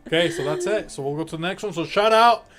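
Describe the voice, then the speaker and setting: A man's voice: on the high side, fast talker, over music. Joking, teasing male podcast host. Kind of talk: casual chat.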